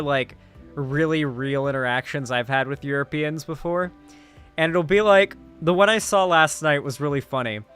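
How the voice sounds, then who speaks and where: A man's voice: a little high, bright, forceful tone, clean tone. Rambling man, tired streamer chat. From United States. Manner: rambling, heavy on fillers. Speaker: streamer and commentator. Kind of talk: casual live-stream chat.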